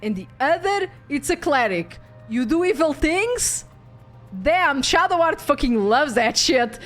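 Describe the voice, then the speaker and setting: Young woman streamer w a high voice, rambly and excitable, swears a lot, faint music behind. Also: a little slow. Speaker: VTuber streamer. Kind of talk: casual gameplay chat.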